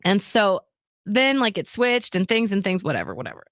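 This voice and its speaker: A woman co-host in casual, candid talk-show chat, lively as she acts out everyone in her story and swears freely. Her voice sits at a middle pitch. The sound is dry and close, with no room around it. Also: normal speed, no room sound.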